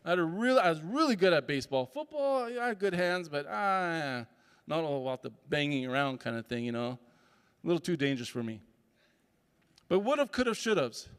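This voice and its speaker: High-voiced man telling stories in a reverberant hall. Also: sing-song, moderate pace, a bit bright, smooth. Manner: storytelling, acts out voices and sounds. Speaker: summit speaker. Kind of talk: motivational talk.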